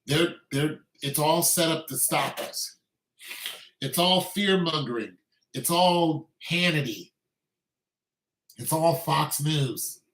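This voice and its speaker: Male commentator, emphatic repetitive ranter, bright pushed voice, echoey recording. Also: fairly high pitch, takes it slowly, long pauses. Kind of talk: opinionated monologue.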